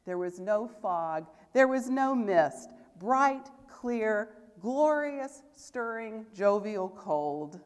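Woman reading aloud in an echoey hall. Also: medium pitch. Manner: expressive, animated reading that turns soft and gentle. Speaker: service leader. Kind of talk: reading a story aloud at a church service.

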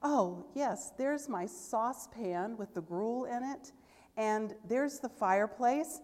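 A woman's voice: fairly high pitch, takes it slowly, a little mellow, big-room sound. A woman voicing an elated, giddy old miser man who talks in breathless exclamations, read aloud in a church service.

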